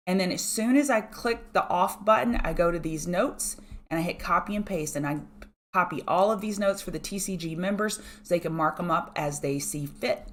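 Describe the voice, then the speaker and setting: Speaking in a lowish voice with a strong regional accent, this middle-aged woman runs a live pre-market stream as a market analyst. She talks fast and chattily, calling out viewers by name in between notes on the charts.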